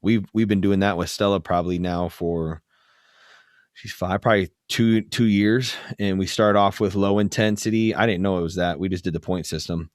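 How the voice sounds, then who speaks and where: A man's voice: deep voice, fairly even intonation, moderate pace, no room sound, studio quality. A man co-hosting a podcast, chatting casually as a parent and agreeing with his co-host. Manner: conversational, agreeable, short affirmations.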